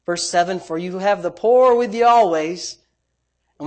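This sermon comes from a high-voiced, middle-aged pastor who speaks a little slowly. He preaches with emphasis, moving between hushed asides and loud outbursts.

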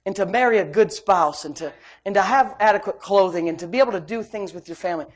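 Speaking fast in a medium-pitched voice, a woman delivers a sermon that moves between loud emphasis and quiet asides. Homey stories and laughter run through it.

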